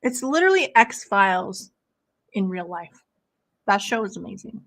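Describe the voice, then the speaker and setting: A young woman hosts a relaxed watch-along stream, chatting with live viewers, laughing often and saying "like" a lot. Her voice is mid-range and a bit bright, with big pitch swings, and she talks at a measured pace.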